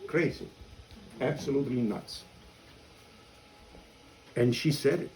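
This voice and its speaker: Animated Italian-accented priest telling a story. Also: male voice, medium pitch, unhurried, long pauses, a little hiss or hum, low-quality recording. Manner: animated, self-mocking storyteller who acts out quoted dialogue. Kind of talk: storytelling talk.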